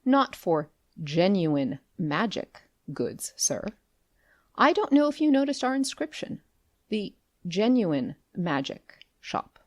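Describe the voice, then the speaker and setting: A woman's voice: medium pitch, sing-song, slow pace, no room sound, clean studio sound. A woman voicing a courteous male magic shopkeeper in a storybook reading, with polite and mysterious speech.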